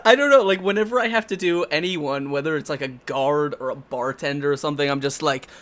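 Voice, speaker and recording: A man's voice: on the high side, brisk, a bit bright. A man hosting a live tabletop talk show in casual chat, laughing often and restarting his sentences. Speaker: host.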